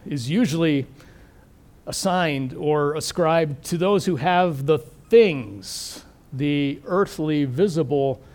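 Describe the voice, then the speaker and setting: A middle-aged man preaching a sermon, thoughtful and questioning, slowing down to stress key words. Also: fairly high pitch, darkish tone. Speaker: pastor.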